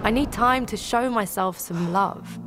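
A woman's voice: mid-range voice, a little slow. A woman reciting spoken word poetry in an ad, earnest and rhythmic. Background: loud music.

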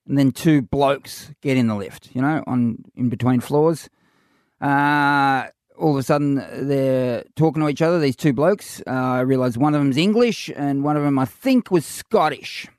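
A man's voice: mid-range voice, a little mellow, no echo, clean studio sound. A middle-aged Australian man, a radio comedy host, telling a story in casual chat with laughs and acted-out quotes.

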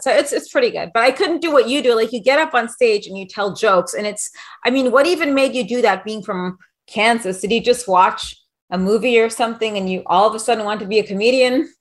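A woman's voice: on the high side, animated, fast. A woman from New York City hosting a casual podcast, talking in a brash, rambling, jokey way full of likes. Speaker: podcast host.

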